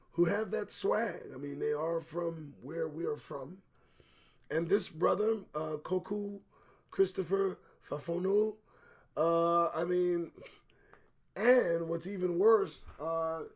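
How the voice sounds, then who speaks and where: A middle-aged man hosting a live-streamed news commentary show, talking bluntly and profanely, his voice a little strained, swinging between low quiet stretches and sudden loud bursts. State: voice recovering from strain.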